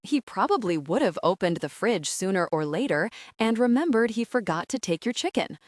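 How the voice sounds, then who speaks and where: Woman voicing a soft, hesitant young wife. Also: mid-range voice, sing-song, moderate pace, dry recording, studio quality. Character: shy, gentle young wife, woman, sad.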